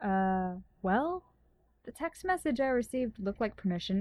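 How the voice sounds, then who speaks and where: Playful young woman, lively dry voice. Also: fairly high pitch, a little slow, dry recording. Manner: playful, giggly, mock-serious. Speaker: podcast co-host and audio engineer. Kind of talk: casual comedic podcast chat.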